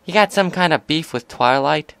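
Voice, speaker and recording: A man's voice: a little high, animated, moderate pace, vocal fry, clean tone, dry recording, pitched above the performer's own voice. A man reading aloud and voicing a brash, hot-headed young female pegasus pony. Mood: indignant. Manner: brash, confrontational, loud.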